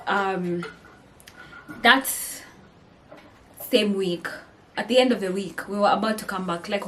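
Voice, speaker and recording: A young woman with a Kenyan accent telling a storytime vlog, animated and laughing as she mixes English with Swahili slang. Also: mid-range voice, slight background noise. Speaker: vlogger.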